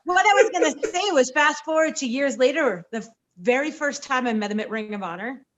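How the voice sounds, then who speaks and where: A woman, a pro wrestler, telling lively stories in a casual podcast interview and acting out the quotes. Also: sits high, a little fast. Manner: lively storyteller, acts out quotes.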